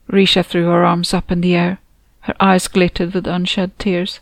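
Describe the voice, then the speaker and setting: A woman reads a first-person novel aloud in a measured, expressive way. Her voice is on the low side, and it is recorded close with a dry, deadened sound. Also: vocal fry, dry recording. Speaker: audiobook narrator. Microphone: close, dry home studio.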